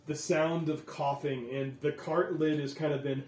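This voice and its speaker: A man running a tabletop game as game master, narrating in a relaxed way with many fillers. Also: on the high side, a little slow. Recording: echoey room, voice from far off.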